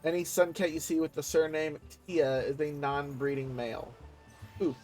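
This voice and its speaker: A man's voice: on the high side, flat delivery, moderate pace, darkish tone, faint music behind. A young man streaming a game and chatting in loose, slangy banter. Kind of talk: casual gaming chat.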